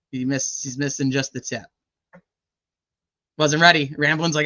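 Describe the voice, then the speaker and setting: A woman's voice: low voice, fairly even intonation, measured pace, pauses often, bright, forceful tone, no room sound, muffled recording. A woman hosting a casual true crime livestream, joking, teasing and swearing as she reads viewer comments, laughing often.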